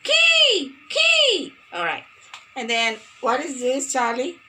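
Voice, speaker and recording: A woman's voice: a little high, expressive, a little slow, a bit bright, slight background noise. A woman teaching a phonics lesson to young children, playful and sing-song, repeating words for them to copy.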